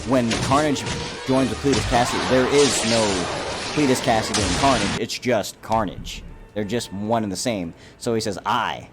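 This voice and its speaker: A man's voice: on the low side, moderate pace, over loud music. A man giving a casual, profane, rambling reaction to a movie trailer, full of fillers and restarts. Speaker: YouTube commentator.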